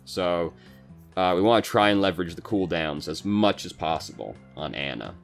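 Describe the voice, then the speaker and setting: Deep-voiced male game coach, relaxed and foul-mouthed, mild background guitar. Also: moderate pace, gravelly. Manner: swears casually and vents frustration. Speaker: gaming coach reviewing a match. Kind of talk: casual gameplay commentary.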